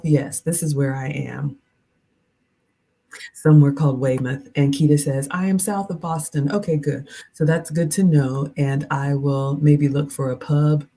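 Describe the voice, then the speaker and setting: Southern lady livestreaming, low warm voice, chatty and playful, reads viewer comments out loud. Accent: Southern American. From American South. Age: middle-aged. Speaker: cooking and lifestyle livestreamer. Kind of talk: casual livestream chat with viewers.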